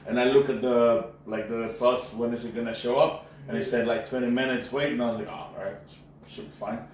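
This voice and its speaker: A man's voice: medium pitch, brisk. A man from Mexico, a native Spanish speaker and former professor, telling stories in a loose, slangy way with many restarts. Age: adult, former university professor. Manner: animated storyteller, loose slangy talk with many "bro"s and restarts. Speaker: podcast host. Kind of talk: casual storytelling chat. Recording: echoey room, distant mic, faint noise.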